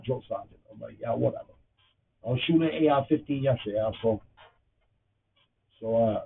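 A man in his fifties with a thick Boston accent talks bluntly and profanely, rambling from one thing to the next. His voice is gravelly, and it comes through a tinny, phone-like line from some distance off, with a faint hiss underneath. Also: mid-range voice. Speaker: podcast host. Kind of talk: casual livestream chat.

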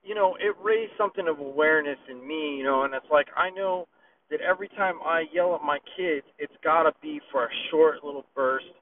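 A man's voice: a little high, brisk, far from the mic. A middle-aged man tells a story in a loose, rambling way, circling back with fillers and restarts. His voice comes through a thin, phone-like line and sounds set back from the mic. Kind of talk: casual personal story.

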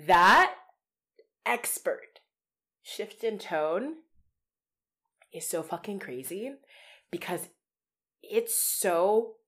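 A young woman co-hosting a casual film podcast, talking in an animated, emotional way and swearing freely. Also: medium pitch, very slow, long pauses. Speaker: podcast co-host.

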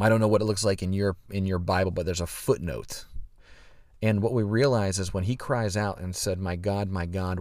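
A man's voice: fairly low pitch, a little mellow, no echo, clean studio sound. A man preaching a sermon, explaining scripture earnestly, with frequent fillers and restarts. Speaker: pastor.

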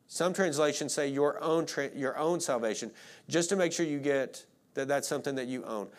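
A male pastor from with a drawl preaches in a relaxed, conversational way. He speaks bluntly and fills his sentences with "like". His voice sits a little higher than most men's. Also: moderate pace. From Arkansas. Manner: casual, blunt, frequent "like" fillers. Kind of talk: conversational sermon.

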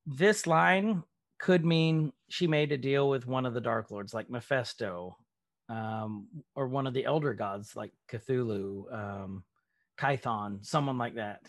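A man's voice: mid-range voice, measured pace, no room sound. A man hosting a casual recap chat, rambling along with plenty of ums. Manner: chatty, rambling with many ums. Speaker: podcast host.

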